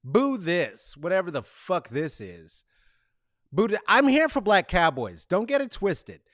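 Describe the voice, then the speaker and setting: This host's high-pitched voice moves a little slowly, captured with studio quality and no echo. A decades-long resident of the San Francisco Bay Area, he delivers a loose comic monologue full of cursing, tangents, and mock cheering and booing.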